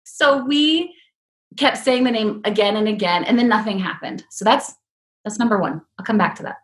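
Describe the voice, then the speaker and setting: A middle-aged woman hosting a podcast, telling a casual story in a lively way and acting out the voices of the people she quotes. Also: medium pitch, moderate pace. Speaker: podcast host.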